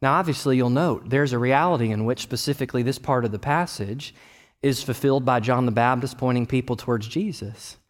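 A man in his thirties from Texas preaching a sermon, conversational with personal stories, rising to loud emphatic bursts and dropping to quiet low asides. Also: fairly quick. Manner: conversational, with restarts and personal anecdotes. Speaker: pastor.

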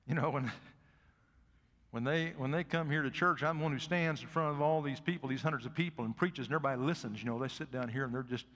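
An older man and pastor preaching a sermon in a church. He is folksy and swings from loud emphatic peaks to soft asides. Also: medium pitch, fast, in a large hall. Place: church sanctuary.

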